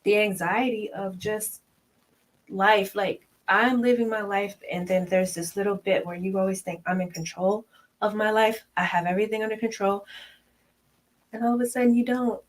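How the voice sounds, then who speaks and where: A woman's voice: mid-range voice, moderate pace, poor audio. A woman in her thirties in a casual chat, talking animatedly and acting out quoted voices. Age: 30s. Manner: animated, acts out quoted voices, laughs often. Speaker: podcast co-host.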